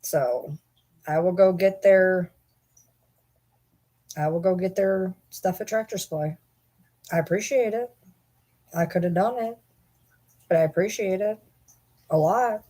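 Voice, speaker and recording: A woman's voice: lowish voice, a little slow, long pauses, mellow. A woman hosting a casual livestream, chatting and rambling to viewers and swearing casually. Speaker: livestream host.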